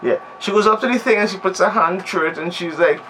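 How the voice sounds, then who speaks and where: A man's voice: high voice, fast, a bit bright, a little hiss or hum, rough recording. Sarcastic rambling male movie reviewer. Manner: rambling, sarcastic, self-interrupting. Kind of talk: comedic movie recap.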